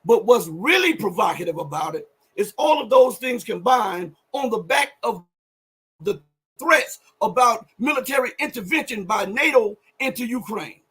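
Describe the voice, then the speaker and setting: Hosting a live political commentary show, a man with a high, slightly husky voice talks in an animated fashion at a moderate pace. He hammers points home by almost shouting, then drifts into rambling and self-correction between those bursts.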